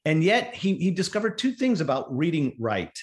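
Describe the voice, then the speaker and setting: A middle-aged man speaking at a panel discussion, digressive and lively, full of fillers and restarts, rising sharply when he exclaims. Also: a little high, normal speed. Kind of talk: animated panel talk.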